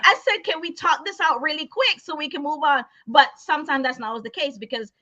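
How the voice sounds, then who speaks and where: Woman guest, high and bright, laughing often, explains in lists; dull lo-fi recording. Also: a little fast. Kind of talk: casual chat. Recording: dull lo-fi sound.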